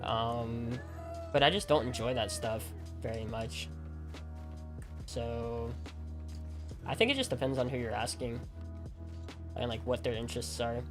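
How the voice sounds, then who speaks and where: A man from Alabama streams a game and chats with his viewers in a loose, rambling way. He fills his talk with "like" and often restarts his sentences. His voice sits at a middle pitch, with soft music playing underneath. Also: lively intonation, measured pace, long pauses. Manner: rambling, heavy use of "like", frequent restarts. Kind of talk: casual chat with viewers while gaming.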